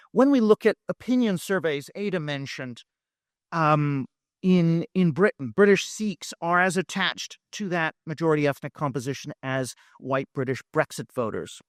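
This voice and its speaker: A man with a fairly high voice argues his point at a festival debate, pressing each claim with emphasis. He talks in a lecturing way and often pauses on fillers. The sound is close and dry. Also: no echo. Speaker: debate panelist. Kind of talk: live debate speech.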